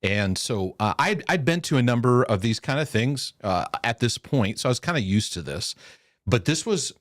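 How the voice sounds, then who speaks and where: A man's voice: mid-range voice, normal speed, dry recording, clean studio sound. A man, a former pastor from the United States, telling a story in casual chat and quoting what people said. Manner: animated storyteller, repeats words, quotes people. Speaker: podcast host, former pastor.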